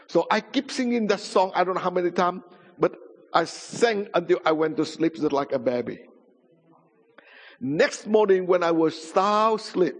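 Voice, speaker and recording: Pastor testifying in an echoing hall. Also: male voice, a little high, expressive, moderate pace, husky. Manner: non-native English, simple grammar, dramatic retelling. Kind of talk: sermon testimony. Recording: muffled sound in a reverberant hall.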